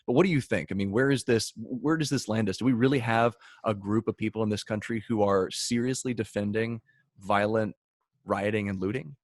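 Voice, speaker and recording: A man co-hosting a podcast, laying out an argument in a measured way. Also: on the low side, no room sound, clean studio sound. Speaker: podcast co-host. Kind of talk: casual discussion.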